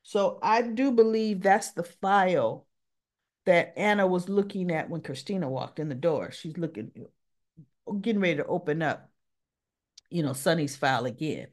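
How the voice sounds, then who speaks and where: A woman's voice: lowish voice, expressive, normal speed, darkish tone. A woman vlogger casually retelling a TV episode, chatty and talking to herself as she searches her files. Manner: chatty, talks to herself while looking for files. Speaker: soap opera recap vlogger.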